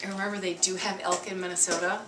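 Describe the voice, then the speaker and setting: A woman's voice: on the low side, little pitch movement, fast talker, noisy background. A woman dog trainer giving a chatty, upbeat home demonstration in her kitchen. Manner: chatty and upbeat, with frequent asides. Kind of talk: casual instructional demonstration. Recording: echoey room, distant mic.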